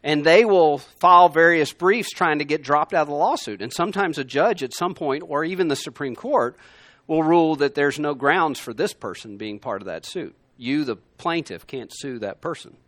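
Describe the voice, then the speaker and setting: A man teaching a Bible lesson to a room of listeners, conversational and emphatic, swinging between loud and quiet. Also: on the high side, moderate pace, no room sound. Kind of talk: sermon. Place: room with a gathered class.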